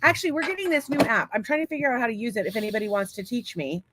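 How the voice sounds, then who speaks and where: A woman's voice: fairly high pitch, racing, noisy background. A middle-aged woman from the United States co-hosting a casual podcast chat, blunt, swearing freely and laughing often. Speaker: podcast co-host.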